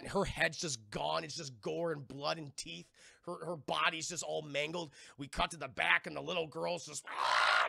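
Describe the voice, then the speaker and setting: Male streamer, profane rambling recap, sharp tone, dry close sound. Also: fairly high pitch, creaky, dry recording. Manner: profane, rambling, keeps addressing chat; acts out quoted lines in quick voices. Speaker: streamer reviewing a TV episode. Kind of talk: casual livestream recap.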